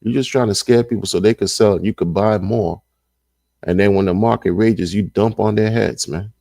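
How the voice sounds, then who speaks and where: A man's voice: on the low side, normal speed, vocal fry, warm tone, no echo, clean studio sound. A man hosting a casual livestream and reading the chat, talking in an emphatic, slangy way and repeating his points over and over. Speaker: crypto livestream host.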